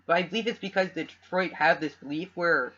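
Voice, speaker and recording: A man's voice: on the high side, fairly quick, pushed and bright. A young man from Canada co-hosting a casual podcast, rambling and restarting his sentences often. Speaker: podcast co-host. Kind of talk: casual chat. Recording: dull lo-fi home recording.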